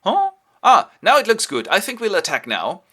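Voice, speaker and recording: A man voicing a rash, excitable young prince officer who stammers and rushes, in a comic retelling with toy figures. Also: on the high side, voice pushed up. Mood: eager. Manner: flustered, stammering, eager.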